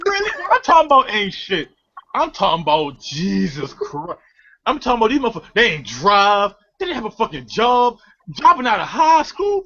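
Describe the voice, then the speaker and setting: A man's voice: very high-pitched, fairly quick, dull audio, a little hiss or hum. A man, co-hosting a podcast in a profane, comedic rant full of laughter. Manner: profane, animated ranting with frequent laughter. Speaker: podcast co-host.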